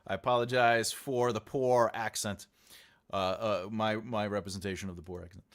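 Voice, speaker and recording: Low-voiced man coaching fiction writing. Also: fairly even intonation, normal speed. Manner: rambling, filler-heavy, talks directly to viewers. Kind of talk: casual livestream writing tutorial.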